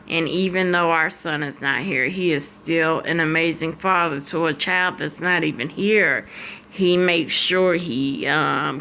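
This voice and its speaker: A woman speaks slowly and from the heart, sharing a deeply personal story with her viewers. Her voice has a bright but gravelly edge, and she is fighting back tears. A faint hiss sits under the recording. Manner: slow and heartfelt. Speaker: vlogger.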